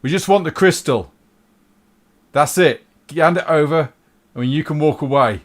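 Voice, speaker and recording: A man voicing an aggressive male cult thug who shouts threats and demands. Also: medium pitch, steady tone, a little fast, natural voice. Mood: threatening.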